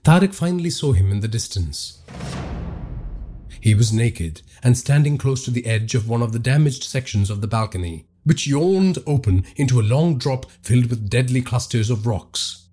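A man narrating a horror story in a dramatic, expressive reading. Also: medium pitch, moderate pace, breathy edge.

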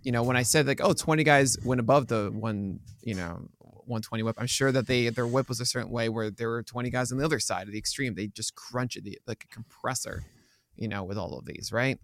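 A man co-hosting a casual podcast, joking around and trailing off quietly at the ends of his thoughts. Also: mid-range voice, brisk. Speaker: podcast co-host.

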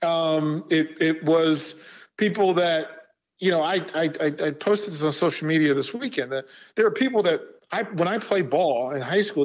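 A man from Virginia, a guest speaking candidly and earnestly, often repeating words as he builds a point. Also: fairly high pitch. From Arlington, Virginia. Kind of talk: candid conversational talk. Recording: dull lo-fi sound.

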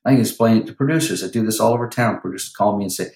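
A man's voice: fairly low pitch, racing, a little mellow, roomy sound, poor audio. A man who works as a vocal coach, talking animatedly in a podcast interview and breaking into sung lines now and then.

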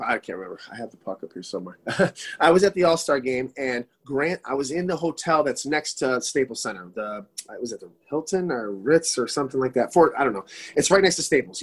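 Fast-talking husky man, excited storyteller. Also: mid-range voice. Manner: excited, rambling with many restarts. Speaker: podcast guest. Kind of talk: casual storytelling.

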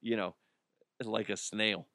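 A man's voice: on the low side, steady tone, takes it slowly, sharp tone, no room sound, clean studio sound. A man hosting his own podcast alone, rambling and joking and laughing at his own stories. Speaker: podcast host. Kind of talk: casual solo podcast monologue.

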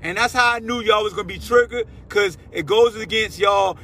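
A male sports-show host ranting in a heated, slangy voice. His voice sits high and sounds bright and forceful. He cuts in and shouts over others. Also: normal speed, few pauses, slight background noise. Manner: fiery, slangy, shouting interruptions. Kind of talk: heated sports talk rant.

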